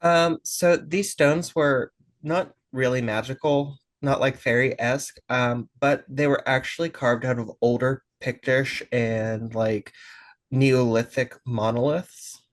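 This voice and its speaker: A man's voice: medium pitch, fairly even intonation, takes it slowly. Tipsy, chatty male podcast host. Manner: chatty, laughs easily, stumbles over words. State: a bit tipsy from drinking. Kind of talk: casual chat and read-out episode intro.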